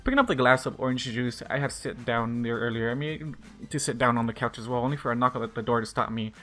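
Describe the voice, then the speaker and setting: A man reading a first-person fan fiction story aloud in a plain, even manner. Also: medium pitch, quick pace, soft background music. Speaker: audiobook reader.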